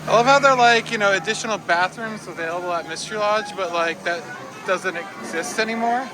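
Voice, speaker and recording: A man from the northeastern United States vlogging outdoors at a theme park, excitable and whooping through a water ride. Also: high voice, fairly quick, music in the background. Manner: excitable, squeals and whoops on rides. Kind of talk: casual ride commentary. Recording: noisy outdoor park recording.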